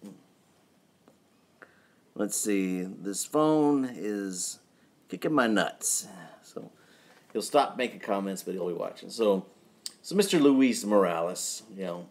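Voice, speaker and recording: Slow, lively-toned man chatting in his garage. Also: fairly low pitch. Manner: relaxed, rambling, chuckling asides. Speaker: live stream host. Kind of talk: casual live-stream chat. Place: home garage at night.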